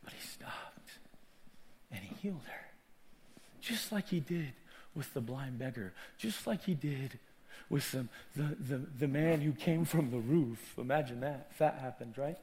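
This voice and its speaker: A man preaching a sermon as a pastor, dramatic, dropping to near-whispers and rising to loud shouts, acting out the people he quotes. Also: mid-range voice, animated, a little slow.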